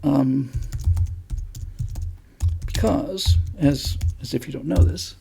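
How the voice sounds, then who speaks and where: This middle-aged livestream host responds to viewer comments enthusiastically, rambling and using lots of fillers. His medium-pitched voice is gravelly and mellow and takes things slowly, with a little hiss or hum in the audio.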